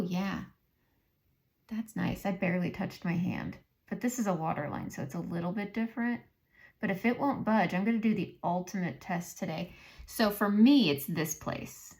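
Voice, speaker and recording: Chatty Southern woman with a gravelly edge. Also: medium pitch. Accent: Southern American. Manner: chatty, thinking aloud, self-talk while applying makeup. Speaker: beauty vlogger. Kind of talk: casual makeup tutorial chat.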